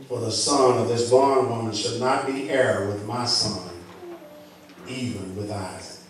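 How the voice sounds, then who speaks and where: A male pastor with a Southern US accent, reading scripture slowly and then preaching with rising emphasis in a church. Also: mid-range voice, a little hiss or hum. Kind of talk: sermon. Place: church sanctuary. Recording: echoey hall, distant mic.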